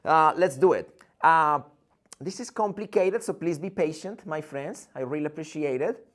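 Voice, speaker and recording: A man with a slightly high, somewhat bright voice teaches a live online English lesson at normal speed over a video call. He is playful and theatrical, joking and acting out his students' questions.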